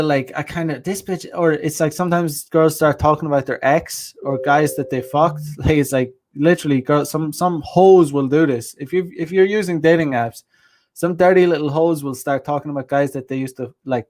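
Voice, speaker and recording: A man's voice: fairly high pitch, fairly even intonation, normal speed, darkish tone. A man hosting a casual livestream chat, talking bluntly with crude slang and rambling through many restarts. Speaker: host. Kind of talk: casual livestream chat, reading viewer comments.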